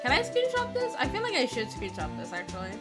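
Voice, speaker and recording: Woman streamer, casual chat, giddy, lively pitch, game music. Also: fast. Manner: giddy, excitable.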